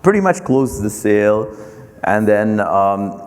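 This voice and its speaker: A man being interviewed about his company, telling a long anecdote in a halting way, with many fillers and restarts. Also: lowish voice, very animated, a little mellow, big-room sound. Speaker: company founder and CEO. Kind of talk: storytelling interview.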